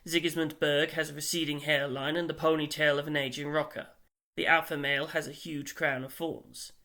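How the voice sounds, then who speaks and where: Bright, wry male audiobook narrator. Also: fairly high pitch, flat delivery, a little fast.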